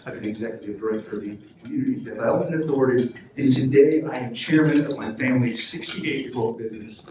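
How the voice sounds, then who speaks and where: A man's voice: medium pitch, a little mellow, a little hiss or hum. Middle-aged man, public speech, earnest and emphatic, very echoey hotel hall, distant mic. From Alaska. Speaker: speaker at a political event. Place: hotel function room.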